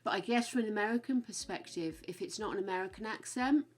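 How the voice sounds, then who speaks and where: A woman's voice: mid-range voice, fast. A woman chatting casually with her stream viewers, frank and chatty, swearing now and then. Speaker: game streamer.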